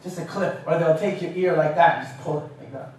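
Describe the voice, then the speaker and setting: A man with a fairly high voice tells funny stories to an audience, lively and often laughing. His voice booms around a large, very echoey university hall, taken from well away from him, with a faint hum underneath. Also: fairly quick. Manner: animated, joking and laughing often. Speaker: guest speaker. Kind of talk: humorous storytelling lecture. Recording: echoey lecture hall from far off.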